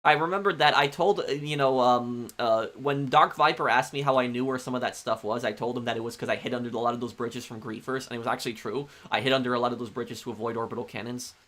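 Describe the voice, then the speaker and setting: A man live-streaming a game, chatting casually with viewers in a rambling, halting way full of ums and restarts. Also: medium pitch, fairly even intonation, fairly bright tone. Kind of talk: casual chat answering viewers.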